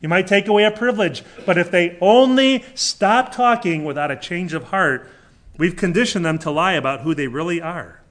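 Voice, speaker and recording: A man's voice: high voice, normal speed, fairly bright tone. A male pastor preaching a sermon, emphatic and fond of rhetorical questions.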